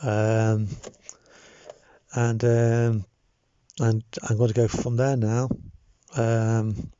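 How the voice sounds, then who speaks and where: Young guy talking slow and halting, lots of ums, mellow voice, dry dull lo-fi recording. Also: mid-range voice, flat delivery, clean tone, dry recording. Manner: hesitant, many ums and restarts, sincere. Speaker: campaign organizer. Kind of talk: casual thank-you video message.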